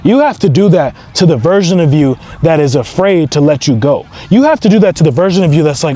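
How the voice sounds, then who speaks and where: A man's voice: a little high, lively intonation, fairly quick, hardly any pauses, dark tone. A man giving an emphatic motivational talk outdoors, driving his points home with repeated affirmations. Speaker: entrepreneur and motivational speaker.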